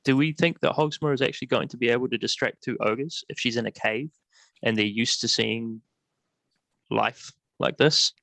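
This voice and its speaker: A man's voice: mid-range voice, normal speed, vocal fry, fairly bright tone, no room sound. A man playing a tabletop game who talks through his character's plans step by step. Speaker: player.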